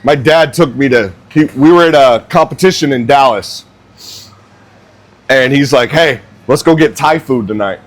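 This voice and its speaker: A young man who cooks at a barbecue restaurant, telling a funny story in a casual, animated, self-mocking way as he works in the kitchen. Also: mid-range voice, normal speed. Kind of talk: casual storytelling while cooking.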